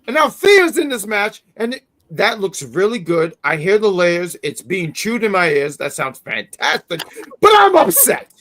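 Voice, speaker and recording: A man co-hosting a wrestling review livestream, ranting and yelling in theatrical mock outrage. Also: high-pitched, sing-song, moderate pace. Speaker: wrestling review show co-host. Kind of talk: livestream chat.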